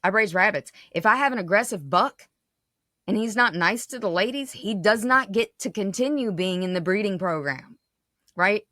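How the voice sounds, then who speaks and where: A woman's voice: medium pitch, animated, normal speed, bright, forceful tone, dry recording. Passionate woman podcaster, dry sound. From United States. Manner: passionate, frequent "right?" tags. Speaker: podcast host. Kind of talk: casual monologue.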